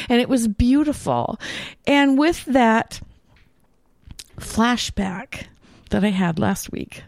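A woman co-host telling a story at an unhurried pace. She rambles a bit and often breaks into laughter. The sound is dry and close. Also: fairly high pitch, a little mellow, no room sound. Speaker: podcast co-host. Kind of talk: casual storytelling chat.

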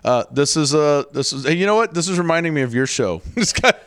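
Laughing radio host with a smooth voice. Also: male voice, on the high side, expressive, fast talker, fairly bright tone, no room sound, clean studio sound. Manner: upbeat, laughing, loose. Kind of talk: casual radio banter.

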